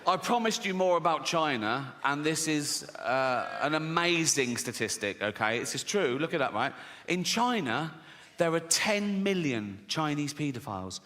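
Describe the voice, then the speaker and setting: A man's voice: on the high side, animated, moderate pace, bright, forceful tone. A man with an English accent doing a provocative, sweary stand-up routine in a conversational way. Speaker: stand-up comedian. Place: large live venue. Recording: echoey hall with audience noise.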